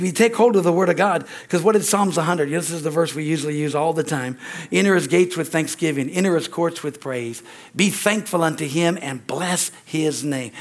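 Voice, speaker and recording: Guy preaching sunday church sermon, slightly higher voice, goes loud then drops quiet. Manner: call-and-response preaching with frequent amens and hallelujahs; swings between loud exclamations and quiet asides. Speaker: pastor. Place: church sanctuary.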